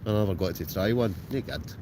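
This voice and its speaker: A man's voice: fairly low pitch, brisk, noisy background. A man with an Ayrshire Scottish accent, chatting casually on a livestream and answering viewers by name from a tent. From Scotland. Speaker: livestream host. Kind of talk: casual chat reading live comments. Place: tent outdoors in a storm at night.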